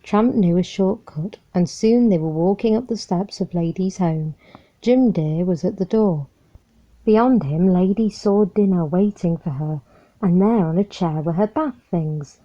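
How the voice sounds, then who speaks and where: Slow, mellow woman reading a storybook. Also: on the low side. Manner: calm, measured, friendly. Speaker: storybook reader. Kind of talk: children's storybook read-aloud. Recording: muffled lo-fi recording.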